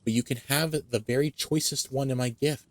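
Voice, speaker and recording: Man doing a hearty old gentleman, exclaiming, medium pitch, dry. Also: fairly even intonation, moderate pace, no echo, natural voice. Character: older gentleman, eager and astonished.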